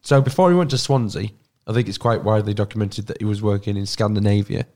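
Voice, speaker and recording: Fast-talking, low-voiced man bantering. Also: darkish tone. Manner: jokey, quick banter, reads team news. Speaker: podcast co-host. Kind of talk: casual fan podcast chat.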